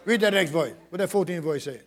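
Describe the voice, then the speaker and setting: Shouting, gravelly high-voiced preacher. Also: male voice, quick pace. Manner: shouting, call-and-response, repeating words. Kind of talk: sermon. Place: church with congregation.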